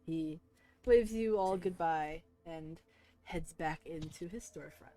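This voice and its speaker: A woman narrating as game master of a tabletop game, in a relaxed, halting way with many fillers. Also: sits low.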